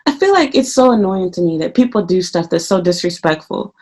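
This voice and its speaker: A woman vlogging casually, venting heatedly about her work as a teacher and swearing freely, her voice a little hoarse. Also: on the low side, expressive, a little fast, a little mellow. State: slightly hoarse. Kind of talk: casual ranting vlog.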